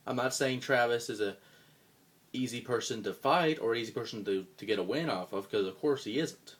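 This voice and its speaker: A man cutting a scripted wrestling promo as a roleplayer, profane and contemptuous, swinging from low mutters to loud outbursts. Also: moderate pace.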